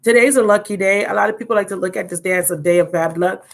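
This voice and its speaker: Gravelly-voiced woman in her thirties chatting. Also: medium pitch, quick pace. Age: 30s. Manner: chatty, rambling, talks to viewers in the chat. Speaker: tarot reader and channel host. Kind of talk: casual live-stream chat. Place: at home.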